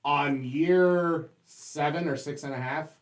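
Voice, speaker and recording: A man's voice: on the high side, slow pace. Profane man telling a wild story. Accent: Texan. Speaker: comedian guest. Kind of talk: casual storytelling chat. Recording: roomy echo.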